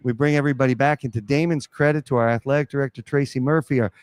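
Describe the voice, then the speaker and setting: Animated storytelling basketball coach, man. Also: mid-range voice, very fast, clear, resonant tone, no echo. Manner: animated storyteller acting out quotes. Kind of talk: storytelling in a live podcast interview. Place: pizza restaurant.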